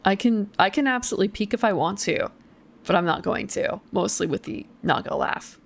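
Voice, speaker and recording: A woman's voice: medium pitch, fairly quick, vocal fry. A young woman streamer reading a choose-your-path gamebook aloud, with chatty, giggly, self-deprecating asides.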